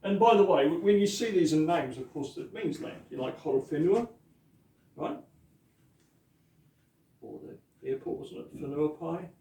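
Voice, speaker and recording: A gravelly, slightly high-pitched man teaches a small group in a loose, chatty way, repeating words slowly so learners catch the sounds. His tone is mellow and dark. He sits away from the mic in an echoey room. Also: lively intonation, recorded from a distance. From New Zealand. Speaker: pastor teaching te reo Māori. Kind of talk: informal language lesson.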